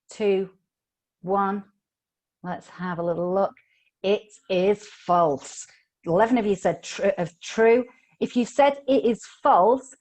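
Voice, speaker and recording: A middle-aged woman training teachers in phonics over a video call, upbeat, coaxing and playful. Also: medium pitch. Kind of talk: live online teacher training.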